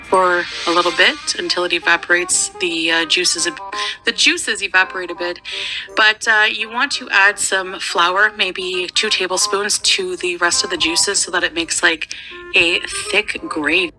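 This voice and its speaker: A woman's voice: fairly low pitch, measured pace, sharp tone, soft background music, low-quality recording. A woman narrating her own cooking video, chatty and walking through each step. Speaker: cooking vlogger.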